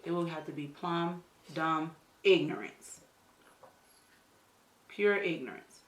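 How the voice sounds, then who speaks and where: A woman's voice: sits low, takes it slowly. A woman in her thirties telling a story while doing her makeup. She talks bluntly, swears, and drives home her points with repeated "okay?". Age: 30s. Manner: emphatic storyteller, tags lines with "okay?"; blunt, salty slang and swearing. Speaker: beauty vlogger. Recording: roomy echo.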